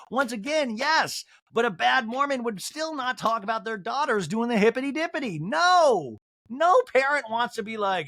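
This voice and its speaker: A man hosting a podcast who recaps a reality show in a joking, animated way and acts out the quotes. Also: extremely high pitch, a little fast, no echo. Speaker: podcast host. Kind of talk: comedic TV recap.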